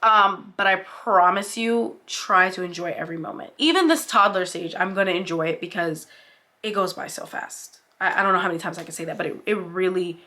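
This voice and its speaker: A young woman vlogger with a lowish, sharp voice talks briskly in a casual sit-down chat. Chatty and full of "like," she's close to tears while sincerely encouraging other mothers, addressing them as "mama."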